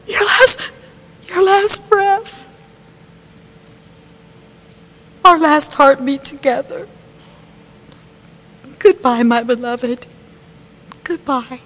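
A woman's voice: extremely high pitch, animated, slow pace, long pauses, bright, forceful tone, full character voice. A woman playing Mary, the grieving mother at her son's crucifixion, in a church passion play, weeping and pleading. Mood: hushed farewell. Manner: weeping, pleading, breaking into cries.

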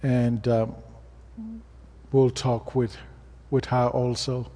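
African-accented man preaching in a church hall, warm dark voice, long echo all around. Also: medium pitch, level tone, slow pace. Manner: storytelling preacher, plain and earnest. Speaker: pastor. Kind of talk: sermon.

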